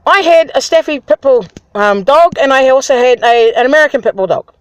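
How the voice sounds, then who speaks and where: A woman's voice: sits high, lively intonation, brisk, clear, resonant tone, no echo, low-quality recording. A woman venting to camera in an angry, aggrieved personal rant, swearing freely. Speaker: vlogger.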